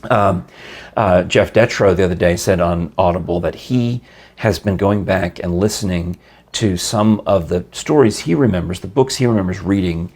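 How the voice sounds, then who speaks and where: A man's voice: deep voice, moderate pace, darkish tone, breathy edge. A man hosting a podcast, chatting casually and reading an ad in an enthusiastic, chatty way. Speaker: podcast host. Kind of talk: casual chat with ad read.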